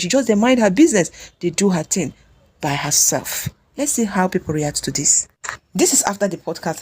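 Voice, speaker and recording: A Nigerian woman delivering gossip commentary in a husky, slightly low voice. She talks in a chatty, scolding way and switches freely between Pidgin and English. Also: a little mellow. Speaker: celebrity gossip vlogger.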